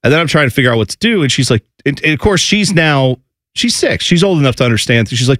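A man in his thirties, a radio co-host, telling a family story in a casual, animated way and acting out the voices of his kids. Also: medium pitch, fast, no room sound, studio quality. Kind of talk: casual morning-show storytelling.

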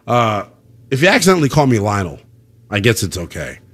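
Animated young man hosting sports radio. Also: lowish voice, fairly quick. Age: young adult. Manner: animated, ranting, slangy. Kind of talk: call-in sports talk.

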